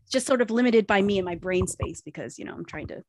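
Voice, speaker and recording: A woman's voice: medium pitch, quick pace, no room sound. A young woman co-hosting a podcast in casual chat, talkative and swearing freely. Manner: chatty, lively, swears casually. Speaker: podcast co-host. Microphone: remote call mic.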